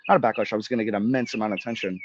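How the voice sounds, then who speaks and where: A man's voice: lowish voice, steady tone, muffled recording, a little hiss or hum. A man in his thirties from Florida, a podcast guest and army veteran, telling his story bluntly and with swearing. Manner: blunt, swearing, fast-building retelling. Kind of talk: emotional storytelling in conversation.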